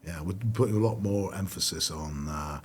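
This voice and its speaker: A man's voice: low-pitched, normal speed, a little hiss or hum. A middle-aged man, a brand founder being interviewed, talking casually and rambling with lots of fillers and restarts. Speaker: guest.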